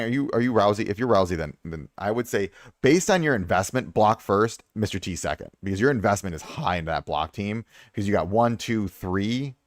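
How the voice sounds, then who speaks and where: Young adult male streamer, low voice, dry close sound, loose rambling chat that repeats itself. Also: dry recording. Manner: rambling, repeats himself for emphasis. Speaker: streamer reviewing viewers' game accounts. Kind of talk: casual live-stream chat.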